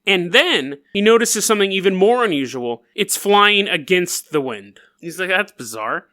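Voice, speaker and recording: A man hosting a podcast, telling a strange story in a playful, jokey way with quick asides. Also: high-pitched, pushed and bright. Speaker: podcast host. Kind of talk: casual comedic storytelling.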